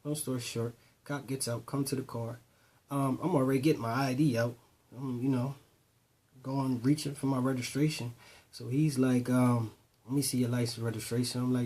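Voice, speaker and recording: A man's voice: flat delivery, moderate pace, a little mellow. A man casually telling personal stories to young listeners, acting out the dialogue. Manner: conversational, retells dialogue in voices, repeats "boom". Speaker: storyteller addressing youth. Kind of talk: casual spoken storytelling.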